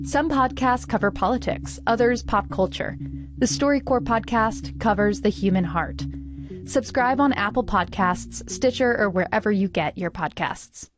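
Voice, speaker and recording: Female podcast host, scripted promo read, even announcer tone, mid pitch, muffled audio. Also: normal speed, music in the background. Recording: dull, lo-fi sound.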